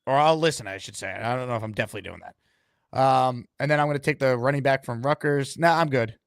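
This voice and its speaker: A man's voice: medium pitch, fast, creaky, smooth, no room sound, studio quality. A man hosting a live-streamed call-in show, upbeat and hyping up callers and superchats. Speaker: host.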